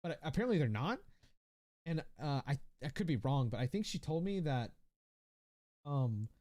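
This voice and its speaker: A man's voice: on the high side, sing-song, moderate pace, mellow. A young man in his twenties chatting on a casual livestream, rambling with lots of swearing, fillers and restarts as he reads viewer comments. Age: 20s.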